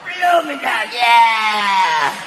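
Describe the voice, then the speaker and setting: A man doing Popeye, gruff cartoon sailor. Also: very high-pitched, sing-song, very slow, raised voice, exaggerated voice. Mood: eager. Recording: noisy live stand-up venue.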